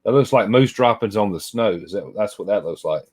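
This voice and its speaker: Casting: middle-aged man, low voice, folksy rambling vlog chat, addresses viewers by name. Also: expressive, fairly quick, breathy edge. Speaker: vlogger. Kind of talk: casual chat while unboxing.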